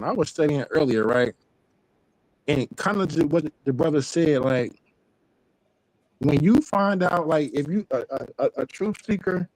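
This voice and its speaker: A man speaking as a guest on a casual live stream, earnest and halting, explaining as he goes. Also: a little high, dry recording, low-quality recording.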